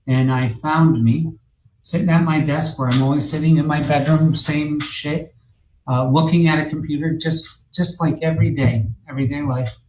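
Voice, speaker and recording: A man's voice: a little high, darkish tone, echoey room, a little hiss or hum, rough recording. A man telling a long personal story in casual talk, rambling and profane, with many restarts and fillers. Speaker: guest telling his story.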